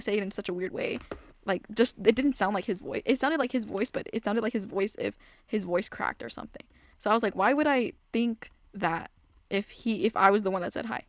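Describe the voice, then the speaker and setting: A young woman chats through meandering stories as she plays a game. She keeps cutting herself off and drifts into quiet muttered asides. Her voice sits at a middle pitch and sounds dry and close to the mic. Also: fairly quick, dry recording. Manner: rambling, self-interrupting, trailing off into mutters. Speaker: gaming vlogger. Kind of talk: casual storytelling while playing a game.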